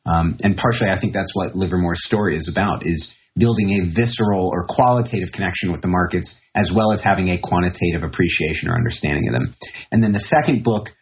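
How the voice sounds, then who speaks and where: Low-voiced, rambling male trader. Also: fast, lo-fi sound. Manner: rambling, reflective, many fillers and restarts. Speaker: trader, podcast guest. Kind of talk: casual interview talk.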